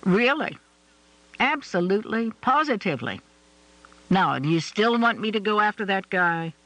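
A man voicing a husband who gently reassures his wife. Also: high-pitched, very animated, moderate pace, no room sound, heavily acted, poor audio. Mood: tender. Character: warm, admiring husband, grown man.

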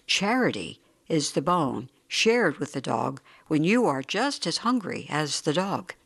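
Brief: measured, dryly ironic audiobook narrator with a mid-pitched voice. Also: big pitch swings, vocal fry, fairly bright tone, husky. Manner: wry, measured storytelling. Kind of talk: scripted narration.

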